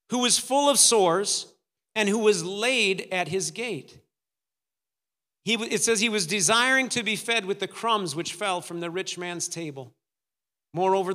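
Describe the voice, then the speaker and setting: A man's voice: high voice, pushed and bright, big-room sound. A man preaching a sermon, dramatic, acting out the voices of the story's figures. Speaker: pastor.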